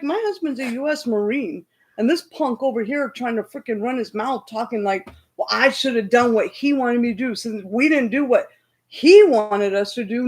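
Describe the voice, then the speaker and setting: Loud, heated woman telling a story. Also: a little high, rough recording. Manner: loud, heated, fast retelling of an argument. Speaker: livestream host. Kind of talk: casual livestream storytelling.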